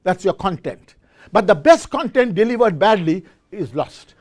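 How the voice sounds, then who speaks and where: A high, very animated voice with a darkish tone comes at normal speed from this middle-aged man. He is a speaker at a business forum giving a motivational talk to a live audience in an event hall, often restarting words and quizzing the room.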